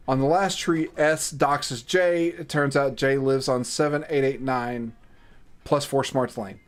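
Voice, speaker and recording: A man's voice: fairly high pitch, unhurried, faint music behind. A man streaming live, reading a game's text aloud in a casual, chatty way with swearing and asides.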